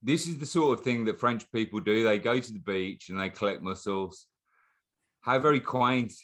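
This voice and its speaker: A man's voice: on the low side, brisk. A man hosting a podcast in casual chat, chatty and teasing, often restarting his sentences. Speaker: podcast host.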